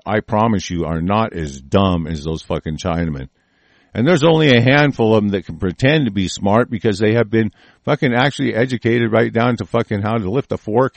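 A man's voice: mid-range voice, gravelly, dry recording. A man delivering a heated, profane, rambling monologue with many restarts. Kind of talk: ranting monologue.

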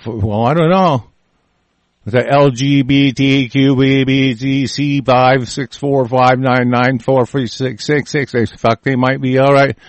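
A man's voice: mid-range voice, a little mellow, dry recording. A man rants into the mic in a furious, profane tirade, swearing at every turn and tripping over his own words. The sound is completely dry, with no room behind it. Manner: angry, crude, swearing constantly, repeats and restarts. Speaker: show host. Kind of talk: profane political rant.

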